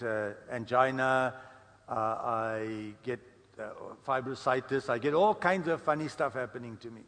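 A man's voice: medium pitch, fairly bright tone. Chatty male preacher in a reverberant hall. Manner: conversational storytelling, frequent fillers. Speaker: guest preacher. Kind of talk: sermon.

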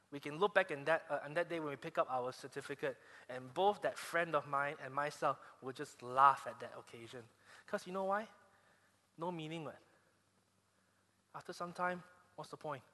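A man's voice: fairly high pitch, bright, forceful tone. A man with a Malaysian English accent preaching a sermon, telling stories animatedly with frequent restarts. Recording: long hall reverb.

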